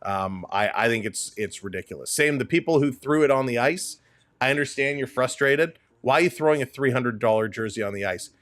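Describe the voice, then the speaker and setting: A man's voice: medium pitch, expressive, a little fast, fairly bright tone, no room sound. Chatty male stream host, emphatic and repetitive, dry close sound. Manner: chatty, emphatic, repeats himself. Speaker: livestream host. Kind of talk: casual hockey talk reading chat.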